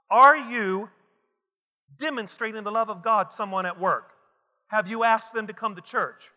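A high-pitched man preaching with a bright, forceful edge, stacking repeated lines and urging the congregation to answer him. His voice rings out with a long reverb tail, as in a large sanctuary. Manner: call-and-response preaching, repetitive and emphatic. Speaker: pastor. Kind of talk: sermon. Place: church sanctuary.

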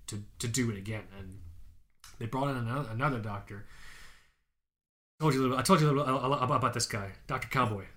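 A man's voice: mid-range voice, a bit bright. A man co-hosting a casual podcast, telling a story emphatically, with frequent swearing and fillers. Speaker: podcast co-host.

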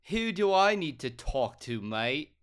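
A man's voice: sing-song, measured pace, smooth. A man putting on a brash cockney talent agent. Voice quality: loud, high and drawling.

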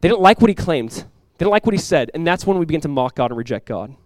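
Male pastor, rapid sermon delivery, slightly high voice, dry close sound; emphatic, climbs on scripture quotes. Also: expressive, no room sound. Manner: emphatic preaching, voice climbs and swells when quoting scripture; conversational asides with quick restarts.

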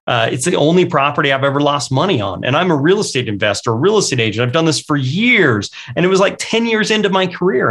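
A man's voice: medium pitch, fairly bright tone. A middle-aged man, a real estate investor, candidly telling stories of his own mistakes in an interview, often acting out what he said. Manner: candid, anecdotal, quotes himself often. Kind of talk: conversational interview storytelling.

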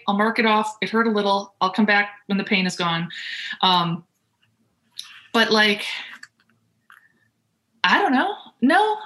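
A woman's voice: mid-range voice, bright, forceful tone. A woman, a writer on a panel, chatting over a video call and laughing often as she talks. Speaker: panel guest, author. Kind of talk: casual panel conversation.

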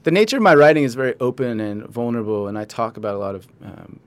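A man's voice: mid-range voice, sing-song, fast talker, clean tone, dry recording. A young man, a writer and coach, talking earnestly and reflectively as a podcast guest. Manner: earnest, reflective, says "like" often. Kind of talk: casual interview chat.

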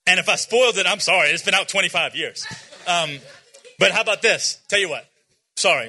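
A man's voice: high-pitched, expressive, fairly quick, bright, forceful tone. A man in his forties giving an informal, earnest sermon to young people, with many fillers and restarts and some self-deprecating humor. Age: 40s. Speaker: youth speaker.

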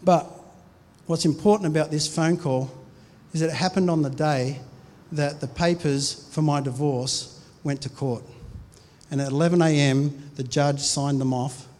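A man's voice: on the high side, steady tone, a little slow, a little mellow. A man in his forties, a pastor preaching a sermon in a conversational, storytelling way with frequent restarts. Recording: reverberant hall.

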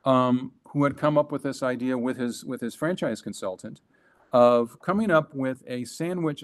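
Animated man telling a business story. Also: medium pitch. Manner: animated, emphatic storyteller with quick restarts. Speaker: guest, former franchise executive. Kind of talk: conversational storytelling.

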